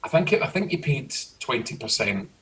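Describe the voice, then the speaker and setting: A man's voice: medium pitch, a little fast, recorded from a distance, poor audio. Scottish man telling childhood stories. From Scotland. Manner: storytelling, animated. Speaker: guest. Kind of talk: casual chat.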